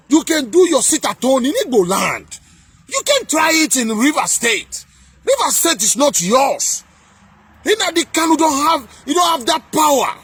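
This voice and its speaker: A man delivering heated political commentary in a vlog, emphatic and sing-song, often breaking into shouts. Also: very high-pitched.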